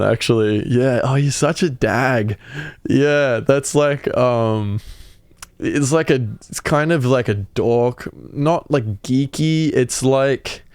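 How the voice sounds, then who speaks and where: Guesting on a podcast, a young man with an Australian accent breaks down slang in a relaxed, easygoing conversation, cursing casually and laughing a lot. He speaks at a medium pitch in a clear, resonant tone. The audio is studio quality and dry.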